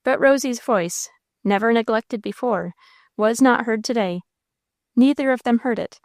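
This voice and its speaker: Smooth-voiced woman reading a novel. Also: a little high, measured pace, a little mellow, no room sound, studio quality. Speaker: audiobook narrator. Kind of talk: scripted narration of a classic novel.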